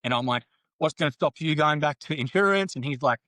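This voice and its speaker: A man's voice: on the high side, fast, bright, forceful tone, no room sound, poor audio. A man, a podcast guest telling his career story candidly, swearing and acting out the people he quotes. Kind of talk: casual storytelling interview.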